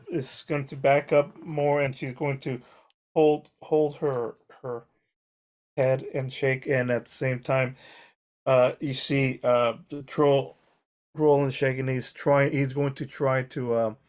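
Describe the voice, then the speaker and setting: Give me a man narrating a tabletop game as game master, rambling and halting. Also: mid-range voice.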